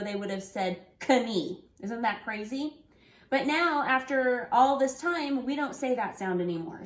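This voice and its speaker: Echoey woman teaching children phonics. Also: fairly high pitch. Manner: slow, clear, encouraging, spells out letters. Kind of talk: phonics lesson for young children. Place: home room with an easel. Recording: echoey room.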